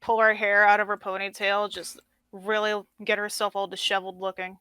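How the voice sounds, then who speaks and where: A woman's voice: mid-range voice, flat delivery, fairly quick, sharp tone, clear, resonant tone, no echo. A woman playing in a tabletop game, chatting cheerfully between turns. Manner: cheerful, laughs often. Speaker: player. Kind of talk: casual tabletop play.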